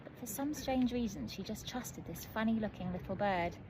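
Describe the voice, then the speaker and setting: A woman author reading her children's book aloud in a gentle, measured storytelling manner. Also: medium pitch, background noise.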